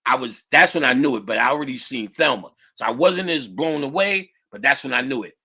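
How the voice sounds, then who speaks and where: A middle-aged man telling casual stories in a lively, profane, slangy way, laughing often. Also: medium pitch, a little fast, slightly rough. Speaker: guest storyteller. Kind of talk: casual storytelling.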